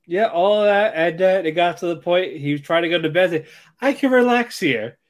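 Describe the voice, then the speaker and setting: A man's voice: sits high, fairly quick. A young man co-hosting a podcast, joking and laughing through casual banter. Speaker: podcast co-host. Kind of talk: casual chat.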